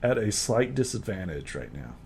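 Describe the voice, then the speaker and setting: A man's voice: fairly low pitch, big pitch swings, moderate pace, vocal fry, noisy background. A man narrating a tabletop game as game master in casual talk, giggling and using lots of fillers.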